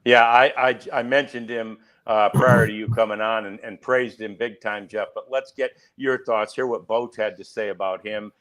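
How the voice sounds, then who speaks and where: A man's voice: lowish voice, steady tone, normal speed, few pauses, fairly bright tone. A man hosting a sports podcast, talking casually and eagerly with his guest and moving the show along. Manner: chatty, eager host who hands off to guests. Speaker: podcast host.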